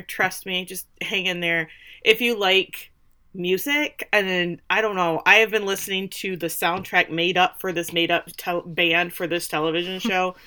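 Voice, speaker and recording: A woman's voice: lowish voice, pushed and bright, clean tone. A woman co-hosting a podcast in casual chat, rambling and searching for words as she goes. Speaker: podcast co-host.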